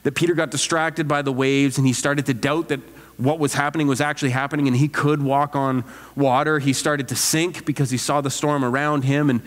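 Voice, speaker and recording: A man, a pastor, preaching an earnest, animated sermon full of rhetorical questions. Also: mid-range voice, brisk, in a large hall. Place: church sanctuary.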